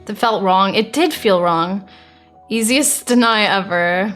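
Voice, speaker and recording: Faint music plays behind a young American woman streamer as she reads viewer messages aloud in a medium-pitched, a bit bright voice. She's blunt and exasperated, quick with denials.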